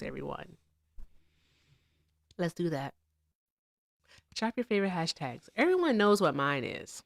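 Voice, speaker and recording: A woman co-hosting a political livestream in casual chat. She laughs often, talks to her chat directly and mimics people in a much higher voice. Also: big pitch swings, a little slow, vocal fry, long pauses, dry recording, clean studio sound. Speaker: livestream co-host.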